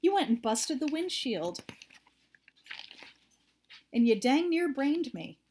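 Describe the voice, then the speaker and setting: Woman doing an excitable folksy country lad. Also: high-pitched, takes it slowly, slight background noise, pitched above the performer's own voice, exaggerated voice. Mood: indignant. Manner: folksy drawl with country grammar. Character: excitable rustic young man, folksy and cheerful.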